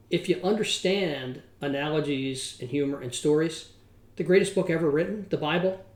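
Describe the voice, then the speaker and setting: A man's voice: a little high, darkish tone. A middle-aged man hosting a podcast, telling a story in a folksy, emphatic way. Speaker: podcast host. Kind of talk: podcast monologue with a told joke. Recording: roomy echo.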